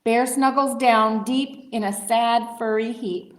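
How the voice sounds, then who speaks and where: A woman librarian reading a picture book aloud to children, slow and expressive. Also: on the high side, slight background noise. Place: library story time room. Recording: roomy library room.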